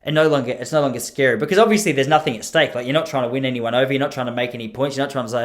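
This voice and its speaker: A man's voice: mid-range voice, racing, hardly any pauses. An Australian man in his thirties hosting a podcast, rambling through a joking, self-mocking monologue. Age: 30s. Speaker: podcast host. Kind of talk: comedic monologue.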